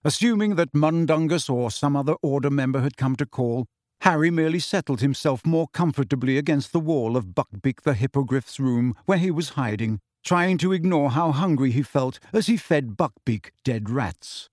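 A man narrating a novel as an audiobook, expressive and giving each character a voice. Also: medium pitch, normal speed, no room sound, studio quality. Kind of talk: scripted storybook narration.

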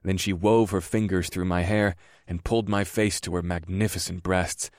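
A man narrating a first-person audiobook in a slow, measured reading. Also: sits low, fairly even intonation, darkish tone, no echo, clean studio sound.

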